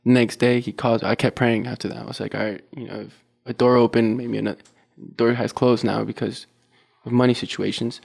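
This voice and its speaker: A man's voice: mid-range voice, fairly quick, gravelly. A young man on a podcast, a college athlete who tells his story casually and acts out what he and others said. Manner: relaxed, quotes himself and others in a storytelling way. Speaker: athlete guest.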